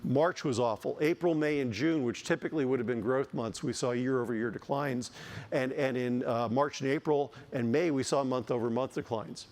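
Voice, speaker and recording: A middle-aged man giving a conference keynote on housing data, lively, with joking asides and frequent restarts. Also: medium pitch, moderate pace. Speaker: keynote speaker, housing economist. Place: conference stage.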